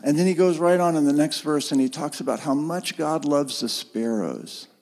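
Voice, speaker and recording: A man preaching a sermon in an earnest, gently emphatic way, heard in a church sanctuary. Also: a little high, expressive, normal speed, big-room sound. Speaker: pastor.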